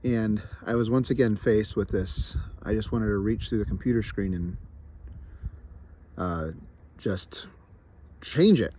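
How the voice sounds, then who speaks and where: Young man, lower register, confessional vlogger; halting, self-deprecating, frequent restarts. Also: steady tone, mellow, a little hiss or hum. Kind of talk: reflective personal vlog.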